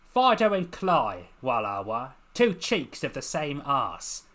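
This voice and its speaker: A man's voice: a little high, huge pitch swings, unhurried, a bit bright, slightly rough, heavily acted. A man voicing a smug young female weasel-like creature with a boisterous Cockney accent.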